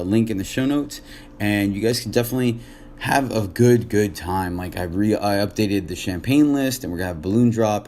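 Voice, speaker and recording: A man's voice: on the low side, mellow, slight background noise. A man hosting a podcast, making loose, upbeat announcements. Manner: upbeat, loose, filler-heavy. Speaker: podcast host. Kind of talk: show announcement.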